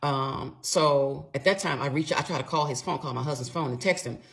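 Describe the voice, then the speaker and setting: A deep, brisk voice with vocal fry belongs to a middle-aged woman animatedly recounting a personal story. The casual monologue is emphatic, blunt, and profane, including some swearing.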